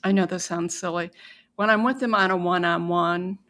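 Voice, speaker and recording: A woman hosting an interview, speaking in a measured, reflective way. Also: lowish voice, fairly even intonation, a bit bright. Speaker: podcast host. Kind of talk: conversational interview.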